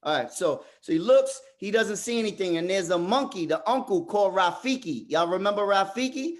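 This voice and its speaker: A man's voice: high voice, lively intonation. A man facilitating a fathers' group workshop who talks emphatically and often repeats words as he restarts. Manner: turns soft and slow in reflective parts. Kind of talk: motivational workshop talk.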